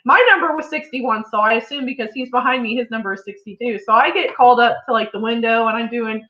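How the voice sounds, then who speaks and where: Giggly young woman chatting on a farm stream, highish voice, echoey dull room. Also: fast talker. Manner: giggly, animated storyteller. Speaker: farm livestream co-host. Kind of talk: casual livestream chat.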